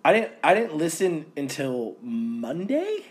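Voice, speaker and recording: A man in his thirties with a high voice rants and swears through casual podcast banter. He tells his stories with animated, profane energy. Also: unhurried. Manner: profane, ranting, animated storytelling. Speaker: podcast co-host.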